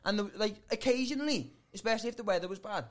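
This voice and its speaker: A man co-hosting a casual comedy podcast, swearing and telling rambling, animated stories. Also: high-pitched, fast talker. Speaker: podcast co-host.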